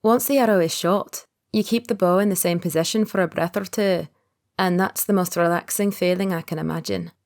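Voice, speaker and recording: A woman voicing a reserved man in his early thirties in an audiobook, speaking quietly and guardedly. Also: fairly low pitch, steady tone, lightly acted. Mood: quiet, earnest. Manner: quiet, guarded, opens up slowly. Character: reserved thirty-one-year-old man, secret agent. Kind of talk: audiobook character voice.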